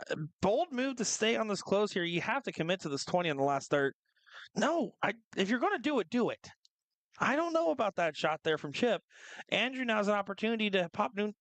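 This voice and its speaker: A man commentating live darts, chatty and joking, with quick analytical asides. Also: high voice, a bit bright, dry recording.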